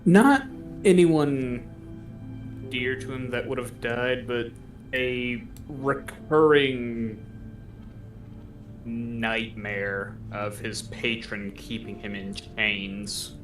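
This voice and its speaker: A man describing his character at a tabletop game in a measured, deliberate way. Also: medium pitch, faint music behind. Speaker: player.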